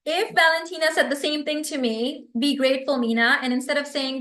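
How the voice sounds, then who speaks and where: A woman hosting a live stream, reading viewer comments aloud and answering them in an effusive, animated way. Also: high-pitched, a little fast, few pauses, reverberant. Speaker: livestream host and business coach.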